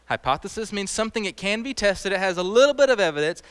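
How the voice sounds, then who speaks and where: Brief: male Bible teacher, fairly high voice, lively and chatty, long hall echo. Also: fast talker, clean tone. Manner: animated, conversational, quizzes the audience. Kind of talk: sermon.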